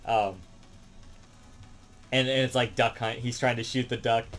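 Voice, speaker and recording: A man's voice: mid-range voice, fairly even intonation, unhurried, fairly bright tone, faint music behind. A man casually recapping a movie plot as a reviewer, rambling along with lots of "um" and "like" fillers. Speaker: film reviewer.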